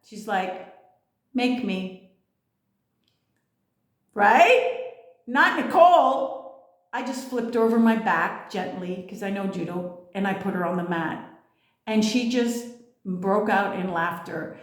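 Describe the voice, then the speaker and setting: A woman's voice: medium pitch, unhurried. A woman giving a casual spiritual monologue, blunt and emphatic, swearing freely. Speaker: spiritual vlogger. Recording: echoey room.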